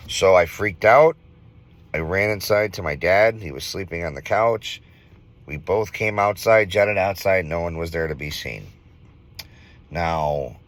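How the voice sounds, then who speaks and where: A man in his thirties from Minnesota, earnestly telling a ghost story in a casual vlog, halting with fillers. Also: sits low, a bit bright. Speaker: vlogger.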